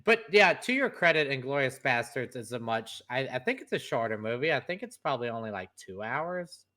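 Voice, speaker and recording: A young man co-hosting a casual podcast, talking fast and animatedly with lots of fillers. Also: medium pitch, very animated, sharp tone. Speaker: podcast co-host. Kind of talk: casual chat.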